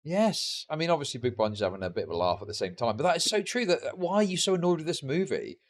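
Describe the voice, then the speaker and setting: A young man reacts live on stream, swearing freely and mocking what he watches. His voice sits a little high for a man and shifts between loud outbursts and low mutters. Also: sing-song, quick pace. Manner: profane, mocking, sarcastic asides.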